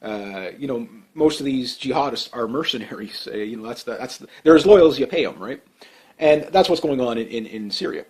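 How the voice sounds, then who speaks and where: A man's voice: medium pitch, expressive, fairly quick, a little mellow. A man giving off-the-cuff political commentary, blunt and emphatic, rambling with many fillers and restarts.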